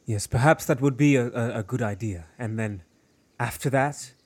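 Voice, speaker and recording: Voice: medium pitch, moderate pace, a little mellow, breathy edge. Player speaking formally in character. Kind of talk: in-character tabletop play.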